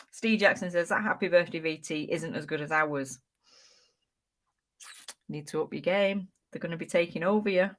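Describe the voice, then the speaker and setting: Teasing woman with a lowish voice. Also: unhurried, pauses often. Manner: teasing, laughs often, playful. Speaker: co-host of a reselling live stream. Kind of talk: casual live chat, reading out viewer comments.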